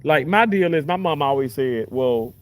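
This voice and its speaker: A young man working as a surgical tech, telling work stories in a casual, animated vlog chat and swearing freely. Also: on the high side, normal speed.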